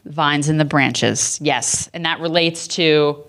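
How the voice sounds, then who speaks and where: A woman's voice: sits low, slow pace, a bit bright. A woman in her thirties on ministry staff giving an interactive Bible talk to students, chatty and full of questions for the group. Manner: chatty and audience-engaging, asks questions. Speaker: campus ministry staff speaker.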